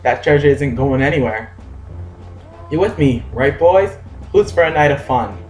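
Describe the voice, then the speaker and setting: A man voicing a burly male pirate who pleads and rambles in a high, drawling voice. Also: normal speed, roomy sound, soft background music, natural voice, low-quality recording. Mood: coaxing. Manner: pleading, rambling, says y'all.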